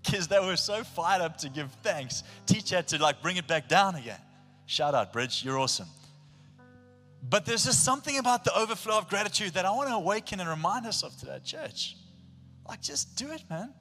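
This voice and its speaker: A man with a South African accent preaches a sermon with a bright, forceful edge, swinging from a near-hush to a shout as he tells stories. His voice sits a little high and rings through a large hall with long reverb and faint instrumental music. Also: a little fast. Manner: animated storytelling, shifts between hush and shout. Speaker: pastor.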